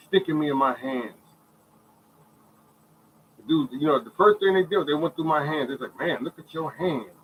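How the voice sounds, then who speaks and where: A man telling his own story in a casual, animated way, repeating phrases and checking in with listeners. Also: mid-range voice, slight background noise, rough recording. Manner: animated storytelling, many repeated phrases, often asks "you hear me". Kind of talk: casual spoken testimony.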